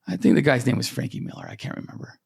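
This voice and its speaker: Male guest storyteller with a fry-edged, mid-pitched voice, loose and rambling delivery. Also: huge pitch swings, racing, darkish tone. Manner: rambling anecdotes with many fillers. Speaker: podcast guest. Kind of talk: casual storytelling.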